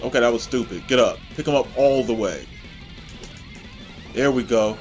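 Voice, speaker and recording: A man hosting his own gameplay channel, giving excitable, trash-talking play-by-play commentary. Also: mid-range voice, moderate pace, faint music behind.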